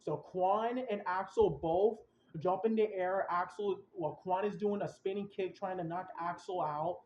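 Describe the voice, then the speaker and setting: A young man hosting a podcast, excitedly retelling events in a rambling, casual way with slang. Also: high voice, a little slow, a little hiss or hum. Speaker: podcast host. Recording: roomy, dull lo-fi sound.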